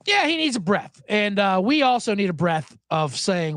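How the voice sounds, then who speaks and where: A man's voice: sits high, sing-song, measured pace, dry recording. A man hosting a sports betting podcast alone, talking casually in a sarcastic, profane way and laughing often. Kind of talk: casual solo podcast talk.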